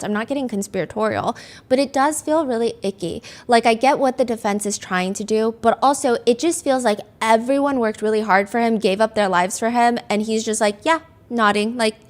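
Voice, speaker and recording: A woman hosting a podcast, retelling courtroom events in a casual, animated way with dry asides. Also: a little high. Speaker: podcast host. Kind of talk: casual true-crime storytelling.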